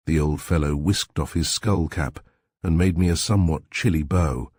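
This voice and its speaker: A man reading a sleep story aloud in a calm, soft-spoken, measured way with a husky voice. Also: rumbling low, no room sound, studio quality.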